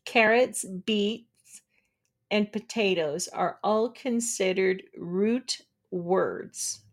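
A woman's voice: mid-range voice, very slow. A woman hosting a casual live stream, reading trivia questions aloud to her viewers, chatty and often giggling.

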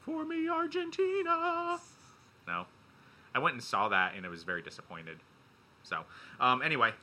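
A man's voice: sits low, lively intonation, fairly quick, bright, forceful tone. A man hosting a casual podcast from Ohio, joking and self-mocking as he wraps up the episode. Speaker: podcast host.

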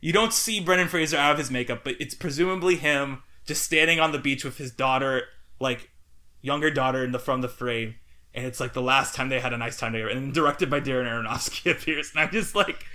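A man co-hosting a podcast, recapping a film in casual chat, rambling and laughing often. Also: fairly quick. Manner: rambling, animated, laughs often, breaks into high-pitched impressions. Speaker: podcast co-host.

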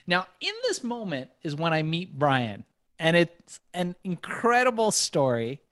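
A man telling a long animated story as a podcast guest, swearing freely and breaking into laughter. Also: a little high, dry recording, clean studio sound. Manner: profane, animated, quick laughs.

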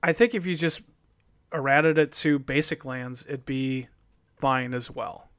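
A man co-hosting a casual card-game discussion, talking in a halting way with many fillers and trailing thoughts. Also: medium pitch, a bit bright, clean tone, no room sound, studio quality. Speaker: podcast co-host.

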